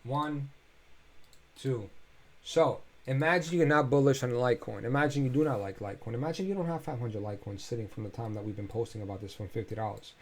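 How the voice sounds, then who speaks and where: A man's voice: mid-range voice, lively intonation, fast talker, hardly any pauses. Chatty man talking through crypto charts. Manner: loose, chatty, thinks aloud with filler sounds. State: tired, yawning. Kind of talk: casual screen-share chart commentary.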